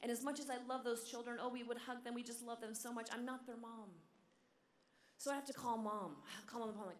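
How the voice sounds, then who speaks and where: Animated woman preaching in an echoey hall. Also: a little high, fast. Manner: animated storytelling, drops to a near whisper in tender moments. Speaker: religious sister and conference speaker. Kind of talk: sermon. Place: large hall.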